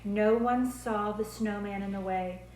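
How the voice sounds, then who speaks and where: A woman speech therapist reading picture books aloud to children, slow, clear and expressive. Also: medium pitch, a little hiss or hum. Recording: roomy echo.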